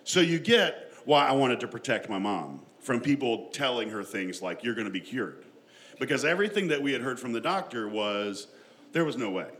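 A man's voice: mid-range voice, very animated, moderate pace, a bit bright. Chatty man telling a family story. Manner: chatty, self-deprecating, laughs often. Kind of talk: personal storytelling to an audience.

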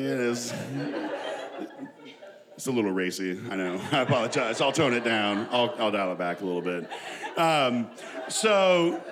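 A man telling a personal family story to an audience in a chatty, self-deprecating way, laughing often as he goes. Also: medium pitch.

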